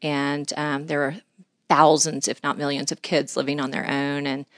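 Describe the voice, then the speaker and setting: Her low voice stays completely flat at a moderate pace as she shares heartfelt stories on a podcast. The middle-aged angler and mission leader speaks earnestly and sincerely in clean studio sound with no echo.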